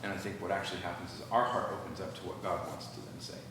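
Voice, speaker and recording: Man speaker at a church workshop, animated, acts out dialogue; distant mic in a long-echo hall with noise. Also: low-pitched, fast talker. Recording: echoey hall from far off, noisy.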